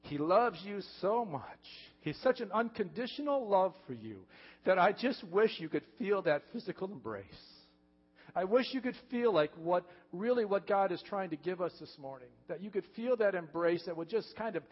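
A pastor preaching a heartfelt sermon, earnest and repetitive, building to emphatic points. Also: male voice, sits high, lively intonation, normal speed, husky. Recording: dull reverberant church recording.

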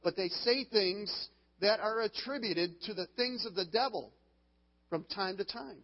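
A man's voice: high voice, unhurried. A man preaching a sermon as pastor, earnest and given to laughing at his own stories and restarting phrases. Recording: long hall reverb, dull lo-fi sound.

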